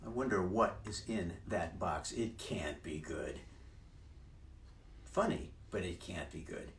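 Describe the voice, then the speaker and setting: A man's voice: low voice, slow pace, slight background noise. Man reading aloud with wry asides. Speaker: storybook reader. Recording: roomy sound from a distance.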